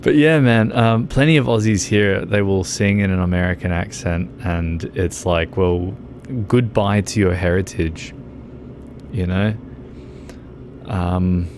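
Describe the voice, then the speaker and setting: A man's voice: fairly low pitch, a little mellow, slight background noise. A man streaming a game who chats casually, rambles and laughs often.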